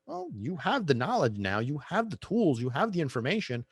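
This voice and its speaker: A podcast host and dog trainer talks passionately about his work in a casual monologue, repeating himself, preaching a little and dropping in Italian phrases. His husky voice sits on the high side with huge pitch swings at a moderate pace, and there's no room sound.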